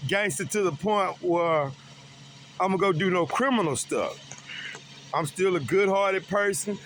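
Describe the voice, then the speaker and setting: Middle-aged man, earnest and emphatic, high bright voice, faint vehicle noise behind. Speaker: vlogger. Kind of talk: personal talk about grief.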